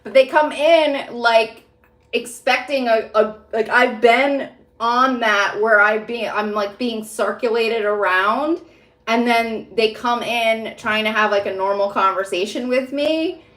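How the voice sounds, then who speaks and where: A woman's voice: fairly high pitch, takes it slowly, a bit bright. A woman psychic reader talking in a casual, rambling way, full of fillers and frequent laughter. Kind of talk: casual spiritual vlog talk. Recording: roomy echo.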